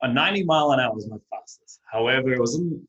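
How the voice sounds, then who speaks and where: A young man with a New Zealand accent chats as a podcast guest, spinning self-mocking stories at an easy, unhurried clip. The audio sounds a little dull and lo-fi. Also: medium pitch. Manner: chatty storyteller, relaxed and self-mocking. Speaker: guest, baseball pitcher and teacher. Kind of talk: casual podcast chat.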